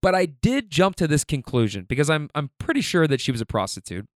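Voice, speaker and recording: A young man casually telling stories in an animated, slangy way, laughing often. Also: fairly high pitch, a little fast, no echo, clean studio sound. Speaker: rideshare driver telling stories. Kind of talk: casual storytelling monologue.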